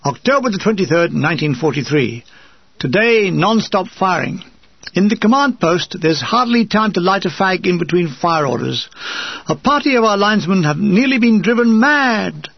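A man reading his first-person war memoir in a wry, deadpan way, on a dull lo-fi recording. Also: high-pitched, normal speed, creaky, husky, dry recording.

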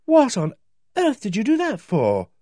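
A man's voice: medium pitch, very animated, brisk, no echo, studio quality, close to an everyday voice. A man voicing an artless, awkward young woman. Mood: indignant. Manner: guileless, offhand.

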